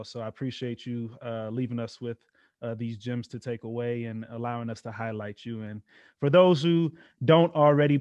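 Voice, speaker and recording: A man's voice: medium pitch, darkish tone, no echo. A young man hosting an interview podcast, giving short affirmations and an upbeat sign-off. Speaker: podcast host. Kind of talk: casual interview.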